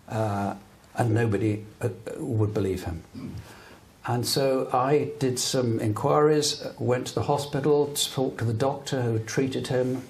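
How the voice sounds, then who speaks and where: This older British man, appearing as a guest broadcaster, delivers emphatic, earnest stories in a live public interview at a venue with an audience. His medium-pitched voice has a darkish tone, and there's slight background noise.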